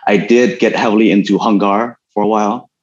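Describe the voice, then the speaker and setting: Man with a very low voice as the interview guest, easygoing rambling talker, slightly dull recording. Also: a little fast. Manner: relaxed storytelling with many fillers and frequent laughs. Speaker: guest, stuntman and martial artist. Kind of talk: casual interview conversation.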